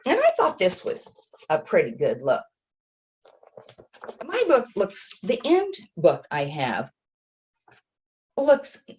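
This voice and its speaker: Low-pitched woman, lively swooping delivery, chatty self-deprecating author telling her story. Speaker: author giving a talk. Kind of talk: casual storytelling talk.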